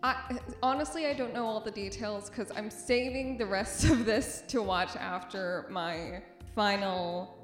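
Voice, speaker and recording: A young woman hosting a podcast in a casual, chatty monologue, with a slightly rough morning voice, joking at her own expense and laughing easily. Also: mid-range voice, a little slow, roomy sound, faint music behind. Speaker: podcast host.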